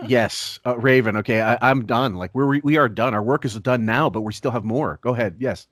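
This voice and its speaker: A man's voice: a little fast, fairly bright tone, no room sound. A man hosts a casual podcast, laughing and swearing as he chats. His voice sits in an ordinary middle range. The sound is dry and close, with no room around it. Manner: laughs often, swears, drops his voice low for asides. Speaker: podcast host.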